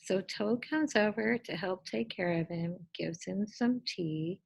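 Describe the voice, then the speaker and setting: A woman teacher giving a gentle, encouraging lesson to young children and asking them questions. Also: medium pitch, unhurried, gravelly, breathy edge, low-quality recording.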